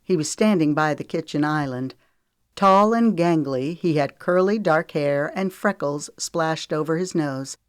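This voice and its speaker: A woman narrating a romance audiobook in a calm, measured way. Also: sits low, clear, resonant tone, no room sound, clean studio sound. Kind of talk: scripted narration.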